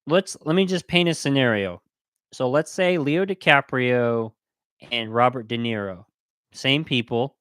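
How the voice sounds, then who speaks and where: A man co-hosting a podcast, giving his opinion in a casual, emphatic way, his voice jumping higher when he gets worked up, with many restarts and rhetorical questions. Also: a little slow, a bit bright, clear, resonant tone, dry recording. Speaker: podcast co-host.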